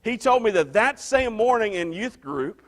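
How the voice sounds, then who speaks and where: High-voiced man preaching a conversational sermon. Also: lively intonation, normal speed. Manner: conversational, restarts and repeats phrases for emphasis. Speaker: pastor.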